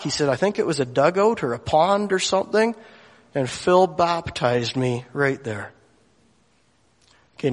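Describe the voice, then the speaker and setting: A man's voice: on the high side, long reverb tail. A man preaching a sermon, telling a story earnestly and emotionally, acting out the dialogue of the people in it.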